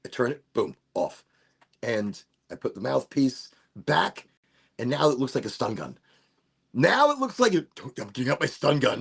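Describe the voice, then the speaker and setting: Gravelly, rambling middle-aged male stream host. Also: mid-range voice, very animated, normal speed. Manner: rambling, laughing, self-mocking. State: high while smoking. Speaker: livestream host. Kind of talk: casual livestream chat.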